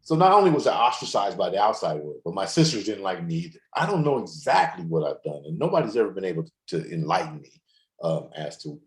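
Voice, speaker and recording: A man hosting an interview and talking in a measured, earnest, slightly formal way. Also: low voice, sing-song, roomy sound, poor audio. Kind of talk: casual interview chat.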